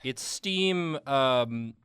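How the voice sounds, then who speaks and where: A man's voice: mid-range voice, expressive, drawn-out words, a bit bright, clear, resonant tone, no room sound. A man chatting casually while drawing and making wry, joking asides. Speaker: artist and show regular.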